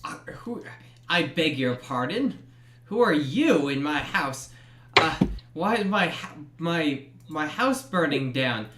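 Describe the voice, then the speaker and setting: A man's voice: on the high side, sing-song, slow, a bit bright, echoey room, a little hiss or hum, heavily acted. A man voicing a flustered male homeowner who is startled to find strangers in his house, firing off indignant questions.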